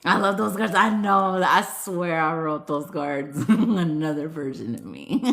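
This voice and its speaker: A woman's voice: lowish voice, sharp tone. A young woman chatting casually with her viewers, playful, swearing freely and laughing often. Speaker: vlogger reading cards and chatting with viewers. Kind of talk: casual chat.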